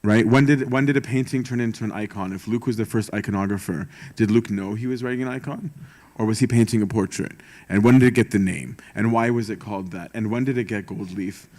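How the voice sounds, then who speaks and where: A man's voice: on the low side, quick pace, darkish tone. A young man, a priest giving a conversational retreat talk, informal and wry, often checking in with "right?". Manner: informal, rhetorical, frequent "right?" and "um"; self-aware sarcastic humor. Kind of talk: conversational sermon.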